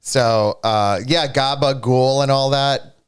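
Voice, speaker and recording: Young man with a smooth voice. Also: mid-range voice, slow. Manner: animated, playfully argumentative. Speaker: livestream co-host. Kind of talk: casual gaming stream chat.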